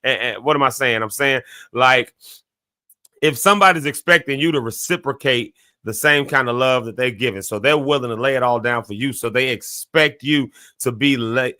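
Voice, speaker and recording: A man hosts a morning talk show in a casual, reflective style. His voice is bright and forceful, with a close, dry sound. He tells stories in an animated way, often restarting mid-sentence and leaping up in pitch. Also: normal speed, no echo. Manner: animated storyteller, many restarts, sudden jumps in pitch.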